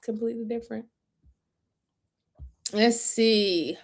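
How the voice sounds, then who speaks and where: A woman's voice: fairly high pitch, steady tone, takes it slowly. A woman hosting a live stream, commenting on an interrogation video in an emphatic, repetitive, scolding way. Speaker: host reacting to an interrogation video.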